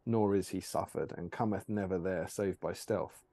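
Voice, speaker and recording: A man's voice: sits low, fairly even intonation, normal speed, dark tone, no echo. A man reading aloud as a cruel, haughty male cat lord with a harsh, snarling manner. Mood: wheedling. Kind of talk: storybook reading.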